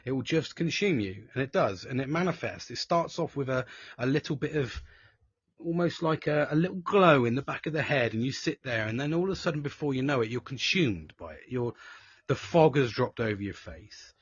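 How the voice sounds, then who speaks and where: A man's voice: medium pitch, lively intonation, fairly quick, husky, no echo, lo-fi sound. A man hosting a live show, talking candidly and profanely about mental health, rambling with restarts. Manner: sweary, frank, rambling with restarts.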